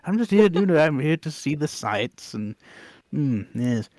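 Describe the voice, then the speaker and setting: A man putting on a pompous, plummy upper-class English voice, boasting with drawn-out hums. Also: on the high side, sing-song, a little mellow, no echo.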